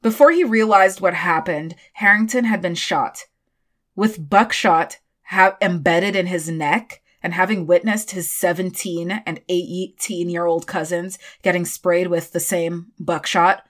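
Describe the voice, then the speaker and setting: A woman's voice: lowish voice, unhurried. Woman doing a history podcast, reads her script then jumps in with sarcastic side comments. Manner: sarcastic, animated asides. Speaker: podcast host. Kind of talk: history podcast narration with comic asides.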